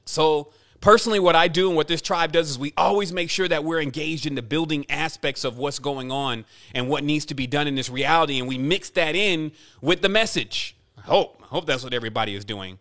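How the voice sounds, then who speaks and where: This man talks in a fairly high voice, circling back and repeating himself as he preaches a spiritual message. His delivery is emphatic, and he rambles as he goes, in the manner of a teacher speaking to his followers. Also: brisk, hardly any pauses, a bit bright. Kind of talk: spiritual monologue.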